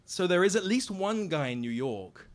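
A man's voice: sits high, sing-song, normal speed. A man telling a wry, self-mocking personal story on stage. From Britain.

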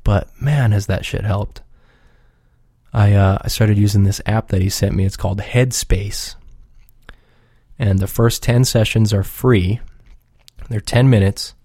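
A man with a lowish, warm, mellow voice, rambling loosely and cursing often as he chats on his own show. His delivery is relaxed and unpolished, recorded close and dry with no room sound. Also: unhurried, long pauses, breathy edge, no echo. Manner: profane, rambling, laid-back. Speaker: podcast regular. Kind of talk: casual rambling chat.

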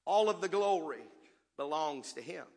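Man, preacher, sermon, call-and-response, soft asides to shouts, long hall reverb. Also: on the high side, animated, normal speed.

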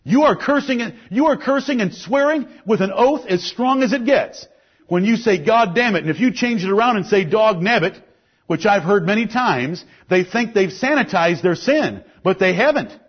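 A man preaching a sermon, emphatic, rising to loud peaks and then dropping low. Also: expressive, moderate pace, slightly rough. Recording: muffled lo-fi recording.

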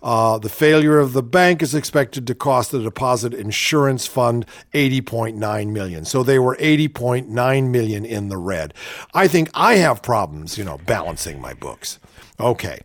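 A man's voice: medium pitch, expressive, moderate pace, dry recording, studio quality. A man co-hosting talk radio, reading news items aloud and adding sarcastic quips. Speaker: radio co-host.

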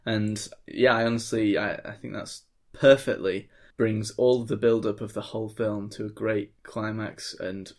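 A man's voice: lowish voice, fairly even intonation, moderate pace, few pauses, a little mellow. A man hosting a casual film podcast with friends, joking and leading the ratings. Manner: jokey, leads the ratings and segments. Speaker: podcast host. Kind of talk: casual chat.

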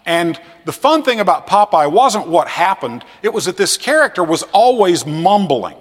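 A man giving a classroom lecture on scripture, animated and fond of acting out the voices he quotes. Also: high voice, normal speed, long reverb tail. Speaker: seminary lecturer.

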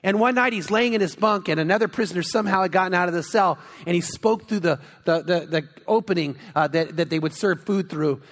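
High-voiced pastor preaching in a reverberant hall. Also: male voice, a little fast, hardly any pauses. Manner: animated storytelling, acts out quotes. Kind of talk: sermon. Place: church sanctuary.

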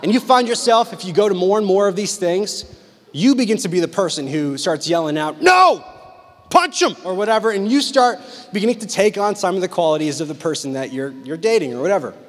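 Joking youth pastor in a reverberant hall. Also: male voice, high-pitched, quick pace. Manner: animated, joking, acts out quotes. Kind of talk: storytelling sermon to teens.

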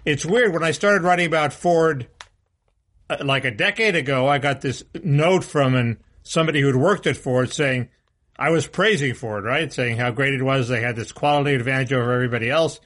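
A man's voice: medium pitch, a little fast, fairly bright tone. A man co-hosting a casual political podcast, talking bluntly and restarting his sentences often. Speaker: co-host.

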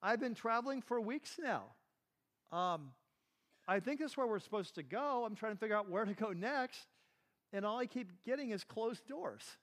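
A pastor teaching a Bible class delivers a conversational sermon, putting questions to his listeners and often saying "like" and "right." His voice is high, animated and fairly bright, at a moderate pace.

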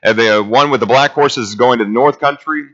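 A man's voice: medium pitch, a little fast, fairly bright tone, lo-fi sound. A man leading a casual Bible study class, talking through scripture in a conversational, rambling way and reading passages aloud.

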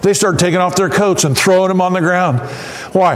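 A male pastor preaching an animated sermon, building to shouted exclamations. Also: sits high, brisk. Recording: echoey hall.

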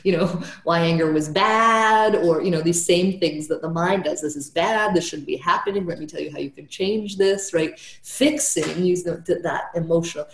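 A woman therapist with a slightly low voice chats loosely about a client, ending almost every sentence with "right?" and filling gaps with "you know". The sound is roomy and echoey. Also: moderate pace, hardly any pauses, a little hiss or hum. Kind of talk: casual podcast conversation.

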